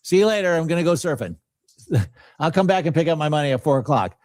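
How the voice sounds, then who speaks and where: Excitable man calling live prices. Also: fairly high pitch, fast talker, dry recording. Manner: excitable, calls out prices and countdowns. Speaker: co-host of a live trading stream. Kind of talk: live market commentary.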